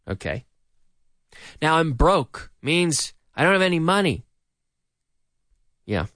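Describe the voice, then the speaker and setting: A middle-aged man teaches English with a lively, swooping delivery, sitting a little high in his voice. He drills vocabulary by repeating words in rhythm and keeps the tone playful. The recording is close and dry, with no room sound around him. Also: slow pace, pauses often, no echo. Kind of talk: English lesson for learners.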